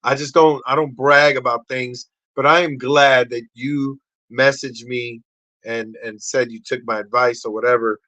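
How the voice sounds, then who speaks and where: A middle-aged man hosting a casual livestream. He shouts greetings and shout-outs to viewers, then drops into low, quiet asides. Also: steady tone, moderate pace, dry recording, low-quality recording. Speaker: livestream host.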